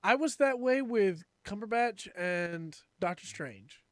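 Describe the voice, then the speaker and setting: A man's voice: sits high, expressive, slow, no room sound. A man co-hosting a podcast in casual chat, joking and wry in his remarks. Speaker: podcast co-host.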